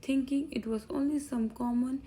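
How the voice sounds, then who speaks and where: A woman narrating an audiobook, telling a first-person story in an earnest, unhurried way. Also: sits high, steady tone, dark tone, slightly rough.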